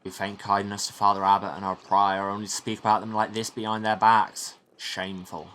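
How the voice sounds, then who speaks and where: A man voicing a polite, earnest monk who gently reproves others. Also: lowish voice, monotone, brisk, a little hiss or hum, close to an everyday voice.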